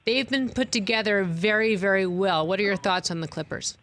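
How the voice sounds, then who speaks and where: A woman co-hosting a sports talk show, asking quick, teasing, animated questions. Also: mid-range voice. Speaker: co-host. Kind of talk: casual chat.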